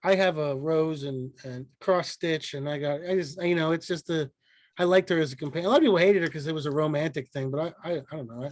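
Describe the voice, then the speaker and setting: A man co-hosting a casual podcast, with a fairly high voice and a dry, close sound. He rambles and swears, restarting his sentences and filling pauses with ums and uhs. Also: darkish tone, no echo. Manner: rambling, profane, frequent restarts and fillers. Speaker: podcast co-host.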